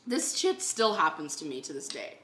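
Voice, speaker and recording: A woman tells a story in casual chat, her voice bright and sharp as she talks with lively energy. She swears freely as she goes. The sound is echoey, as if the room is bare. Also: low-pitched, moderate pace, a little hiss or hum. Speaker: renovation company owner.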